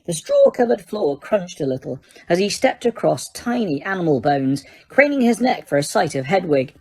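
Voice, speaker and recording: A woman narrating an audiobook in a steady reading voice, sometimes correcting a slipped word. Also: lowish voice, moderate pace.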